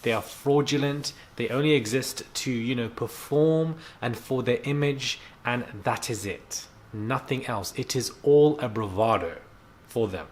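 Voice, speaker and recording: A vlogger delivers an irritated, heated rant straight to camera. His voice sits at an ordinary middle pitch. He doubles back on words and leans on fillers as he builds his case. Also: unhurried. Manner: annoyed, heated, repeats himself with fillers. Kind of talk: ranting commentary to camera.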